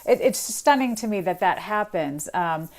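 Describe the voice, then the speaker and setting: A woman's voice: mid-range voice, animated, normal speed, a little mellow. A woman linguistics professor, a guest on a radio interview, explaining earnestly with frequent restarts.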